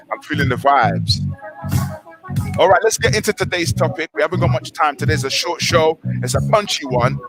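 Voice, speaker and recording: A man hosting a morning motivational livestream, leading breathing exercises, repeating affirmations and giving viewer shout-outs. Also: on the high side, creaky. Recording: music playing softly behind.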